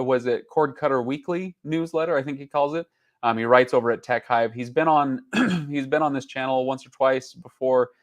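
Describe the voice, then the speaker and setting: Guy in his 30s hosting a chatty stream, lots of ums and restarts. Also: mid-range voice. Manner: rambling with many fillers and restarts. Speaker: channel host. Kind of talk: casual chat. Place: on the road.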